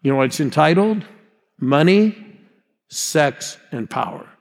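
A man's voice: on the high side, big pitch swings, a little slow, creaky. A man in his sixties preaching a sermon as a pastor, rousing and calling out to the congregation. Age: 60s. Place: large church hall. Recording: long hall reverb.

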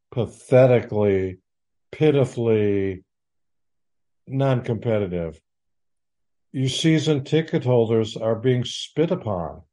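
A man rants as a sports commentator, sarcastic and exasperated, wandering from point to point. His voice sits in a middle pitch with a dark, mellow tone. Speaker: podcast host.

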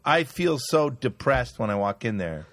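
A man's voice: medium pitch, very animated, moderate pace, a bit bright, no echo, clean studio sound. A man in his fifties in casual comedic chat, telling profane, self-mocking stories about getting older. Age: 50s.

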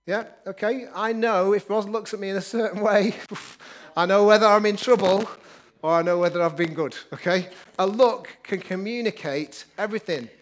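A man preaching a lively, upbeat sermon, joking with his congregation. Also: high-pitched, normal speed. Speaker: pastor.

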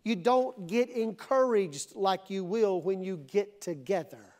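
A middle-aged man preaching a sermon to his congregation in church, dramatic, acting out voices and swinging between loud and hushed. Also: high-pitched, slow. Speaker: pastor.

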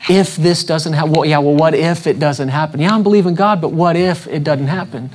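A man's voice: fairly high pitch, brisk. Conversational preacher questioning his congregation. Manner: acts out scripture quotes with varied emphasis. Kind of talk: evening church sermon. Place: church service before a congregation.

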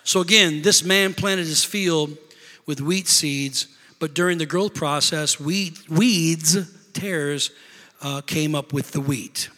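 A man's voice: a little high, slow. Storytelling preacher man in a hall. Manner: storytelling preacher, swings from loud bursts to hushed confession. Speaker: pastor. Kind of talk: sermon. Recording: long hall reverb.

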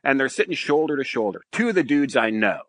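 A man, a former fighter pilot and podcast guest, telling a long casual anecdote in an animated, profane way and often tagging lines with "right?". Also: medium pitch, quick pace, no echo.

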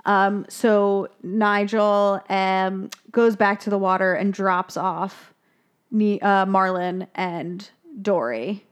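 A young woman co-hosting a podcast, chatting casually as she recaps a film, swearing freely and bursting into high voices for the characters' lines. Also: steady tone, slow pace, smooth. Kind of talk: casual chat.

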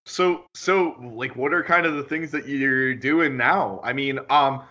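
A man's voice: mid-range voice, measured pace, sharp tone, highs cut off. A man hosting a podcast, asking rambling questions full of fillers in a casual interview. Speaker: podcast host.

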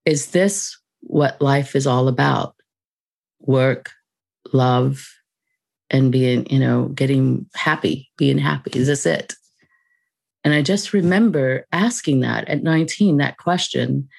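A woman speaks as a guest, recounting her own story in an unhurried, reflective way and laughing softly now and then. Her voice has a gravelly, slightly fry-tinged texture. The recording is dry and close, with no room sound. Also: a bass voice, no echo. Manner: reflective, unhurried, with soft laughs and frequent "you know". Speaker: podcast guest. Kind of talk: personal storytelling in conversation.

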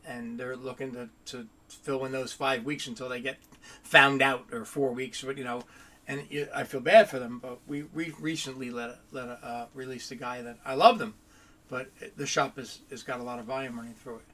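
A man who owns a body shop, chatting casually on a podcast and acting out his own stories with lively quoted dialogue. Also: medium pitch, normal speed. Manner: animated storyteller, acts out dialogue.

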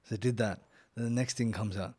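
A man with a mid-range voice hosts a casual podcast conversation, talking fast and chiming in with steady "yeah"s between his own stories. His voice is dry and close to the mic. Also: lowish voice, husky, no room sound. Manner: chatty, back-channels "yeah" a lot, drops into quoted anecdotes.

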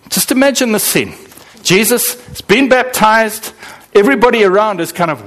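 A man from Zimbabwe, preaching a sermon with animated, dramatic swings in delivery. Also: moderate pace. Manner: animated, with sudden dramatic swings in pitch and pace. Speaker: pastor.

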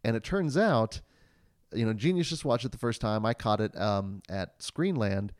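A man's voice: lowish voice, animated, moderate pace. A man hosting a casual podcast chat about films, with a dry, close sound and no room echo. He rambles along loosely and laughs easily between thoughts. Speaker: podcast host.

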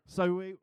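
A young British man preaching a sermon, playful and chatty, who laughs easily and leads the congregation in a game. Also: darkish tone. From Britain. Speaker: pastor.

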